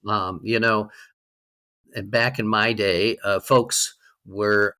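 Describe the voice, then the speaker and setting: A man's voice: lowish voice, fairly even intonation, takes it slowly, sharp tone, clear, resonant tone. A man in his sixties, a guest on an interview podcast, speaking reflectively with frequent ums. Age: 60s. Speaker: guest, fundraising leader.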